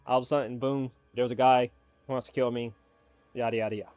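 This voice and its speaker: A man's voice: mid-range voice, level tone, quick pace, no room sound, dull audio, faint music behind. Sick man ranting over gameplay. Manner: chatty, exasperated, talks to viewers as "guys". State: sick, voice lower than usual. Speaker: gaming streamer. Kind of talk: casual gameplay commentary.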